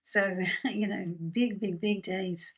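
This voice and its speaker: A woman's voice: mid-range voice, fairly even intonation, slow. A middle-aged woman co-hosting a podcast, chatting casually over wine, rambling and laughing often. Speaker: podcast co-host.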